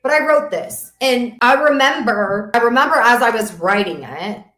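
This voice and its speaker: A woman's voice: a little high, expressive, moderate pace. Fervent woman coaching in an echoey room. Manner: fervent, preachy, swings between loud declarations and soft asides. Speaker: business coach. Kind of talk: live-streamed motivational talk.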